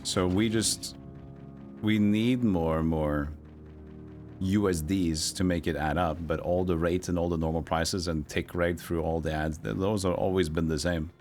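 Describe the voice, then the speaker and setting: A young man chats loosely while he streams, rambling from topic to topic and reading chat messages. His voice sits low and deep. Game music plays clearly under his talk. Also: fairly even intonation, a little slow, darkish tone. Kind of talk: casual chat while playing a video game. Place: home streaming setup.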